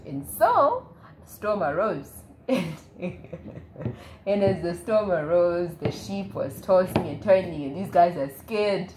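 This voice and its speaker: A woman's voice: on the low side, big pitch swings, unhurried, background noise. A woman leading a Bible study, retelling a story casually and acting out the quoted voices. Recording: echoey room, faint ambience.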